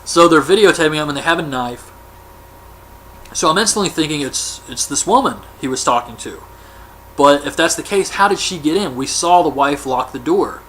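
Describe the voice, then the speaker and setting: A man's voice: a little high, animated, normal speed, fairly bright tone, a little hiss or hum. A man recapping a horror film in a casual, offhand way, as a movie reviewer. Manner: chatty, offhand, colloquial.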